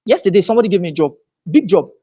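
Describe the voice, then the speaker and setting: Male teacher, husky voice, emphatic and repetitive, dull-sounding live-stream recording. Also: high-pitched, big pitch swings, racing, mellow. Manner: emphatic, repeats key phrases. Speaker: online teacher. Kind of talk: live online lecture. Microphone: own microphone, recorded on camera.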